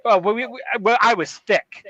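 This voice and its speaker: A man's voice: high-pitched, moderate pace, bright, forceful tone, no room sound. Profane, laughing middle-aged man, lo-fi. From Upper Peninsula of Michigan. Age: 40s. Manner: profane, laughing, does accent impressions. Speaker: podcast co-host. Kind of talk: casual comedic banter.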